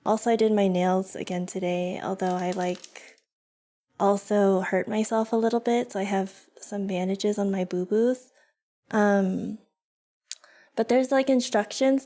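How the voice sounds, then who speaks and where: A woman's voice: mid-range voice, mellow. A young woman streaming, chatting casually and giggling as she talks to her viewers and her dogs. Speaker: vtuber streamer. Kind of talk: casual livestream chat.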